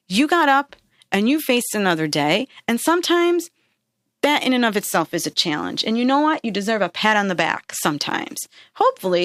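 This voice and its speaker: A woman's voice: on the high side, a bit bright, no echo, studio quality. A woman hosting a podcast, giving earnest, encouraging self-help advice in a casual way and often checking in with "right?" and "okay?". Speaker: podcast host. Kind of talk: motivational self-help talk.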